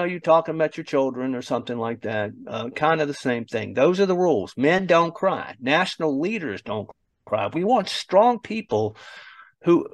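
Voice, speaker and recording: A man's voice: a little high, dry recording. A man hosting an opinionated commentary show, blunt, mocking and profane. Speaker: show host.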